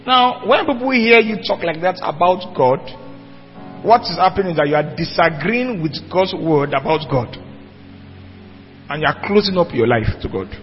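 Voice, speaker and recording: In a slightly high, expressive voice at a moderate pace, a pastor preaches emphatically and asks his congregation rhetorical questions. Soft background music sits under a dull, lo-fi recording with long church hall reverb.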